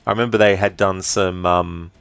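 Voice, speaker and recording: A man's voice: deep voice, normal speed, clear, resonant tone, no echo. A man streaming a game, chatting casually, reading chat aloud and swearing now and then. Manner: relaxed, chatty, reads chat aloud, swears, laughs often.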